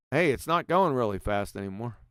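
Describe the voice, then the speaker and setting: A man's voice: mid-range voice, clear, resonant tone, no room sound, clean studio sound. A man hosting a livestream, mocking his opponent with profanity and reading super chats aloud with frequent laughs. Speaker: livestream host.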